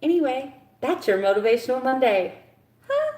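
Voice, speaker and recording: A woman's voice: sits high, wildly swooping pitch, normal speed, a little mellow. A woman, ranting passionately and bluntly as she talks to her viewers on a casual live stream. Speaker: keto vlogger on a live stream. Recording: echoey room.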